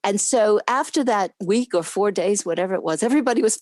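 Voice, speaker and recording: A woman in her seventies, originally from New York, recounts her past as an interview guest in an animated, chatty way, often laughing and acting out the people she quotes. Her voice sits at an ordinary middle pitch for a woman. The recording is close and dry, with almost no room sound. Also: brisk, no room sound. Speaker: guest, former camera assistant. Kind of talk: casual interview storytelling.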